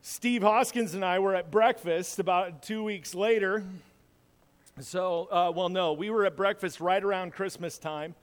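A man's voice: sits high, measured pace. A man preaching a casual sermon as pastor, rambling and self-deprecating, telling personal stories with lots of restarts. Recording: long hall reverb.

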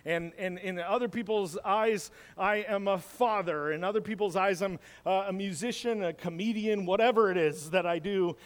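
A man's voice: high voice, moderate pace, hardly any pauses. A man preaching a casual sermon as pastor, rambling and self-deprecating, telling personal stories with lots of restarts. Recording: long hall reverb.

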